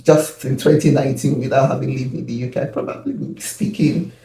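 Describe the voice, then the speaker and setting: A man's voice: mid-range voice, steady tone, fast talker, vocal fry, warm tone. A man from Nigeria talking earnestly and firmly as host of a casual panel chat. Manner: earnest, firm, emphatic. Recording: echoey room.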